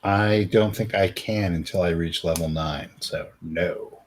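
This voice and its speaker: A man's voice: low voice, steady tone, a little slow, a little hiss or hum. A man playing in a tabletop game, casual and dry in his chat.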